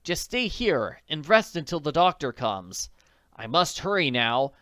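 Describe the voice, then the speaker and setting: A man's voice: fairly high pitch, sing-song, measured pace, sharp tone, no echo, clean studio sound, pitched above the performer's own voice, heavily acted. A man reading an audiobook, voicing a brave, determined teenage girl detective in an urgent, earnest way. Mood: resolute. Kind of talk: audiobook character voice.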